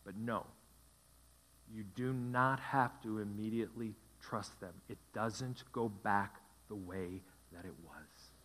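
A male pastor preaching a sermon, repeating key phrases with emphatic, dramatic pauses. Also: on the low side, fairly bright tone, long reverb tail.

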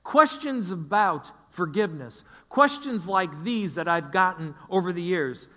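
A man's voice: sits high, animated, normal speed, hardly any pauses, fairly bright tone. Emphatic middle-aged male pastor preaching. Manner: emphatic, repeats phrases for stress. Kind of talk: sermon. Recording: long hall reverb.

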